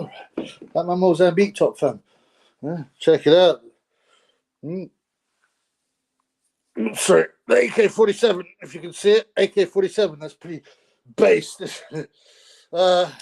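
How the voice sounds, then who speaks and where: A young man chats loosely on his own livestream, rambling from topic to topic. His voice sits a little high for a man, and his talk is full of street slang and laughter. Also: darkish tone. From United Kingdom. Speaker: livestream host. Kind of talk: casual solo livestream chat.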